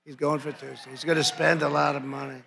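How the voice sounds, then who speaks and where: A man's voice: a little high, level tone, fast talker, vocal fry, pushed and bright. A man in his seventies giving a political rally speech, boastful and mocking, repeating his punchlines and tossing out nicknames from a podium microphone. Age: 70s. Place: large conference hall before a crowd. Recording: hall reverb with crowd and room noise.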